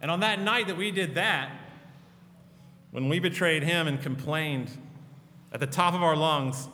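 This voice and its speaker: A man gives a sermon from the pulpit, earnest and pastoral, often falling to a hushed, tender tone. His voice sits a bit above the usual male range. A long hall reverb trails after his words in the large sanctuary. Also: fairly high pitch, a little slow.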